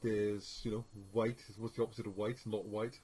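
A man's voice: lowish voice, little pitch movement, normal speed, mellow, slightly rough, rough recording. A man giving an informal media studies lesson, hesitating often with fillers. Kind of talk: recorded lecture.

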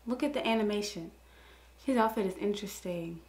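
A young woman hosting a casual reaction video, gushing with excited exclamations. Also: medium pitch, brisk.

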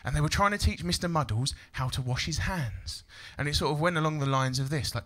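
Cheeky stand-up comic with bright voice. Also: male voice, a little high, fast talker, few pauses. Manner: cheeky, animated, shouting the punchlines. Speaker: stand-up comedian. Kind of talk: stand-up set. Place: comedy club stage.

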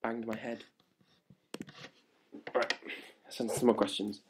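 A man's voice: on the low side, little pitch movement, a little slow, background noise. Hyper, playful young man on a webcam. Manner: hyper and playful, gets louder as it goes on. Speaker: livestream host answering fan questions. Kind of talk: casual live webcam chat. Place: indoors at home. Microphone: laptop webcam mic.

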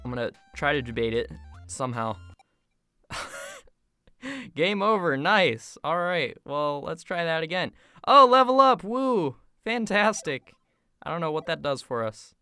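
Excitable young gamer with lively pitch. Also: moderate pace, pauses often, clean tone, faint music behind. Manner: excitable, yelps and laughs at sudden deaths. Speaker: gaming YouTuber. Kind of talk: casual gameplay commentary. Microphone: phone mic.

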